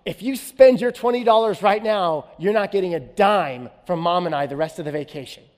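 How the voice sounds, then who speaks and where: An exasperated dad giving his daughter a stern lecture, as a preacher acts him out. His voice is high for a man, and the long hall reverb carries faint music behind it. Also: expressive, brisk, natural voice.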